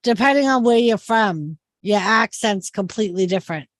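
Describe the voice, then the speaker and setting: A woman's voice: mid-range voice, expressive, moderate pace, no echo. A woman from Massachusetts with a Massachusetts accent, chatting casually and telling stories, full of "like". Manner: chatty storyteller, frequent "like". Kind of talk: casual chat.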